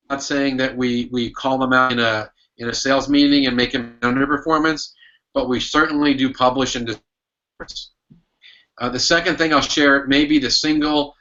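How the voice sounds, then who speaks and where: On a muffled recording, a sales consultant and author speaks in a mid-range voice that sounds pushed and bright. Answering a podcast interviewer, he leans into emphatic storytelling, performing his former manager's lines.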